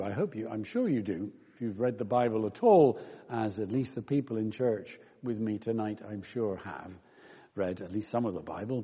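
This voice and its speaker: A man's voice: mid-range voice, a little mellow, breathy edge. A man preaching a sermon in a church, explaining scripture in a conversational way and asking the listeners questions. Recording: long reverb of a church hall.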